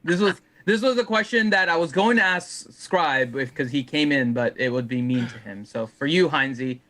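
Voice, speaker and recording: A man's voice: on the high side, normal speed, pushed and bright. A man co-hosting a live gaming Q&A, reading viewer questions and thinking aloud, often tagging on "right?". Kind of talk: casual live game chat.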